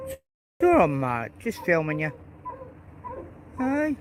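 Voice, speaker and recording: A man's voice: fairly high pitch, wildly swooping pitch, slow, noisy background. A man with an Australian accent chatting casually and coaxingly to koalas and a dog while filming outdoors. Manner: coaxing, talks softly to animals as to a mate. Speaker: vlogger. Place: outdoors in rural bushland.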